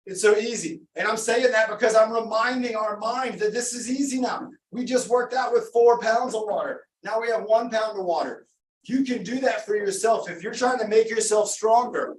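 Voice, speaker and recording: A man's voice: high-pitched, echoey room, far from the mic, low-quality recording. A man leading a live online workout class as coach, upbeat and encouraging, calling out names and counting down reps. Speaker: fitness coach.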